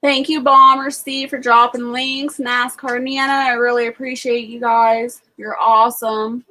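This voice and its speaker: Ohio lady rambling on her livestream, kinda high voice, lots of ums and likes. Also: level tone, unhurried, bright, forceful tone, poor audio. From Ohio, USA. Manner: rambling, chatty, many fillers, greets viewers. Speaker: homesteading livestream host. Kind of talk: casual livestream chat.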